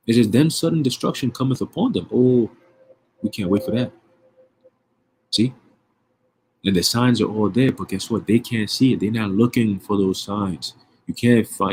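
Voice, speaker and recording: A man's voice: mid-range voice, a little mellow, slightly rough. A man giving casual, profane religious commentary, streetwise and emphatic, with frequent rhetorical questions. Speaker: online preacher.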